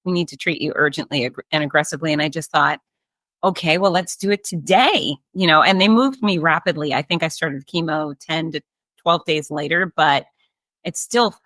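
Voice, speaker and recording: Woman, bright voice, dry close sound, chatty and emphatic interview host. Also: sits low, fairly quick, dry recording. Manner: warm-hearted, emphatic, chatty. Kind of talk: interview conversation.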